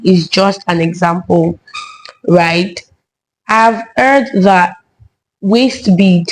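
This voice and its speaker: A woman's voice: lowish voice, darkish tone, low-quality recording. A young woman, talking in a casual vlog monologue and often checking in with "right?" tag questions. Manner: chatty, frequent tag questions. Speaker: vlogger and children's church teacher.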